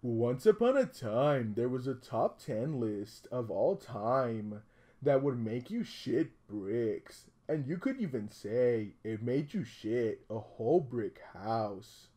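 A man voicing a smarmy male gamer who reads a bedtime story in a slow, hushed, syrupy voice. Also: medium pitch, expressive.

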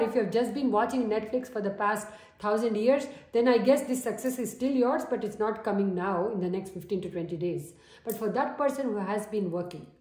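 A woman's voice: medium pitch, a little mellow. A woman giving a tarot reading, earnest and coaxing, often checking in with "okay?". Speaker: tarot reader. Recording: roomy echo.

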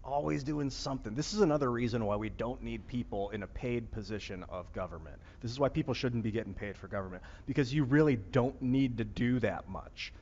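Outdoors on a rooftop among plants, a man from Northeast Ohio vlogs in a casual, rambling monologue, musing and meandering with plenty of fillers and restarts. His mid-range, slightly mellow voice moves fairly quickly with hardly any pauses. The audio has a long reverb tail and cut-off highs.

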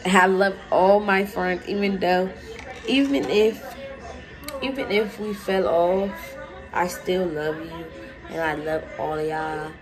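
A woman's voice: fairly low pitch, slow, poor audio. A young woman in her late teens chatting casually and emotionally to her viewers in a vlog. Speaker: vlogger.

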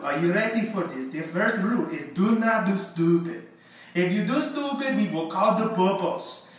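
A man's voice: high-pitched, a bit bright. A man giving silly mock-stern rules in a goofy improvised skit, giggling as he goes. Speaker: youth group rule video presenter. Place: moving between rooms of a church building. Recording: roomy echo, far from the camera mic, faint room hiss.

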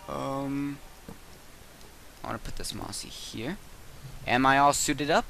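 A teenage boy giving casual gameplay commentary at his computer, cursing and yelling in sudden frustrated outbursts. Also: medium pitch, slow pace, creaky, pauses often, slight background noise, poor audio. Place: bedroom at a computer.

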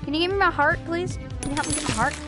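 A woman's voice: high voice, very fast, over music. A woman streaming a game, chatting casually in a playful, whiny way, swearing and laughing often. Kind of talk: casual gaming stream chat.

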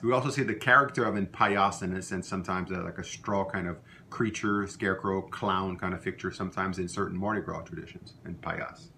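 A middle-aged man gives a recorded language lesson, saying each word more than once so learners can copy it. His voice sits fairly low but has a bright, forceful edge. A faint hiss of noise runs under the recording. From Louisiana. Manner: repeats words slowly for learners to copy. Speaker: language teacher.

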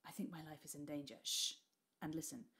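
Woman reading as a scared grave father, lowered urgent voice, quiet and soft. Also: fairly quick, close to an everyday voice. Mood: urgent hushed. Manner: urgent, hushed, trembling. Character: frightened Tudor father, grave and weary.

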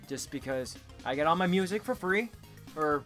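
A young man chatting along as co-host of a gameplay session, easygoing and jokey. His pitch moves up and down freely, with faint music in the background. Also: expressive, normal speed, fairly bright tone. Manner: laid-back, joking. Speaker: let's play co-host. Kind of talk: casual gameplay commentary.

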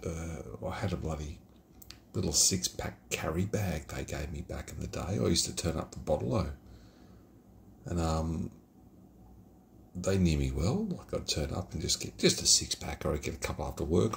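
A man's voice: very deep voice, creaky, a little hiss or hum. A middle-aged Australian man reviewing beer in a casual vlog, rambling and reflective and swearing freely. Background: geckos and night ambience.

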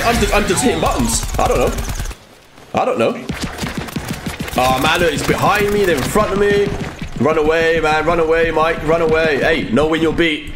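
A man giving excitable live commentary while streaming a game, often shouting and exclaiming. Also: on the high side, a little fast, background noise. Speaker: gaming streamer.

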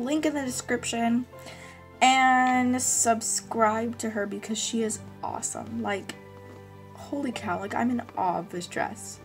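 Gushing, excitable young woman vlogger. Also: a little high, normal speed, faint music behind. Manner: gushing and excitable, with gasps and many "like"s. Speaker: channel host. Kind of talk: casual unboxing vlog.

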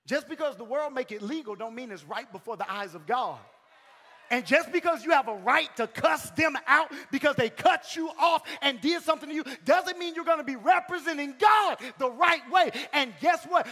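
A male pastor preaching a sermon in a church, calling out to the congregation, swinging from shouted peaks to sudden quiet lines. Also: very high-pitched, expressive, moderate pace. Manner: calls out to the congregation. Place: church sanctuary. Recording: long hall reverb.

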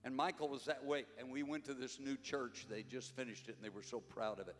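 An older man preaching a sermon, fervent, rising to shouts and dropping low. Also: a little fast, hardly any pauses. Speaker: conference preacher. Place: church sanctuary. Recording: long hall reverb, faint music behind.

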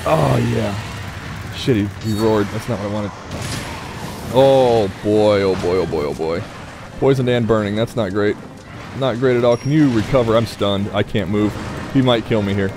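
A man's voice: fairly low pitch, steady tone, normal speed, vocal fry, noisy background. A man giving casual let's-play commentary, chatting, cursing and talking to the monster as he plays. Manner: chatty, swears often, talks to the monster. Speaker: gameplay commentator. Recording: game music underneath. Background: game music.

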